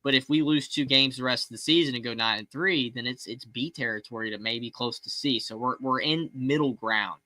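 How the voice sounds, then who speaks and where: Bright-voiced excitable sports fan man. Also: medium pitch, brisk, hardly any pauses, dry recording, poor audio. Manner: excited, rambling with frequent restarts. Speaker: co-host of a fan call-in show. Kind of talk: casual sports talk.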